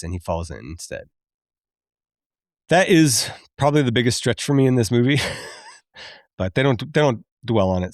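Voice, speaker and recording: A man in his thirties hosting a podcast, chatty and quick to laugh as he recaps a film and admits it moves him. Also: mid-range voice, no echo, clean studio sound. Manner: chatty, laughs often, openly emotional. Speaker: podcast host.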